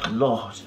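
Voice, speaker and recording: A man's voice: medium pitch, noisy background. A man, ranting heatedly and indignantly on a livestream and swearing often. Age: 20s. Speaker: social media creator on a livestream. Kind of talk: emotional livestream rant.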